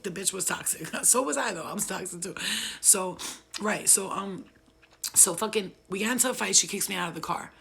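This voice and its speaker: A woman's voice: medium pitch, fairly quick, creaky, sharp tone, slightly rough. A young woman from upstate New York telling a wild true story in a profane, laughing, streetwise way. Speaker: vlogger. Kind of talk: casual storytelling.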